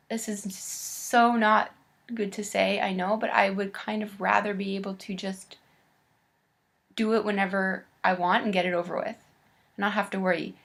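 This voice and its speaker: Creaky-voiced woman in her late twenties. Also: mid-range voice, a bit bright. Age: late 20s. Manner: halting and candid, with pauses and restarts. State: on the verge of tears. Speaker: vlogger. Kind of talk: confessional webcam vlog.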